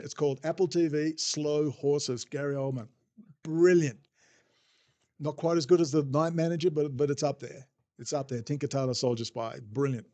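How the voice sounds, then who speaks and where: A man's voice: medium pitch, darkish tone. A man hosting a casual livestream, rambling off the cuff, swearing freely and answering viewer chat as he goes. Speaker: livestream host.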